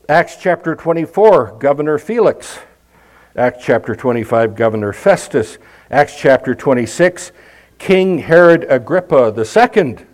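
A man's voice: mid-range voice, darkish tone, rough recording. A middle-aged male pastor preaching a conversational sermon, with emphatic scripture readings.

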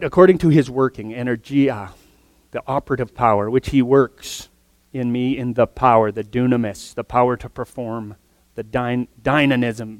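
An earnest male preacher delivers his sermon in a middle-pitched voice. He punches some lines loudly and drops others to a hush. The sound is dry, with no room echo. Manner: earnest, swings from loud emphasis to soft near-whispers.

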